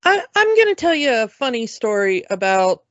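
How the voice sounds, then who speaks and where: A woman's voice: on the high side, big pitch swings, normal speed, a bit bright, dry recording. A woman co-hosting a podcast, chatting casually and telling a story with frequent restarts. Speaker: podcast co-host. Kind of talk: casual chat. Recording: dull lo-fi sound.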